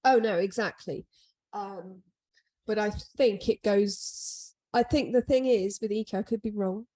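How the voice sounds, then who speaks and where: A woman co-hosts a podcast in loose, rambling chat. She pokes fun at herself as she talks. Her voice sits at a middle pitch. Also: measured pace, dark tone. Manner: rambling, self-deprecating. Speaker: podcast co-host. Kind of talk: casual chat.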